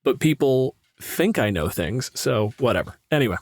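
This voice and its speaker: A man's voice: medium pitch, expressive, moderate pace, no room sound, clean studio sound. A man co-hosting a podcast in casual chat, rambling and self-deprecating, drifting into sidetracks. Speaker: podcast co-host and game master.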